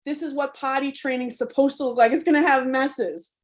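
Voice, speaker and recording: A spirited woman coach talks straight to her audience in a live online session. Her voice sits a little high, and she is blunt and cheerfully profane, keeping it loose and conversational. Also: fairly even intonation, a little fast. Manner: frank, spirited, curses freely; conversational, rallying.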